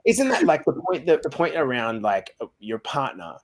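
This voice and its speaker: A man hosting a casual podcast conversation. He talks bluntly and swears freely, at an ordinary middle pitch, and winds up with an upbeat sign-off. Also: sing-song, normal speed. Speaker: podcast host.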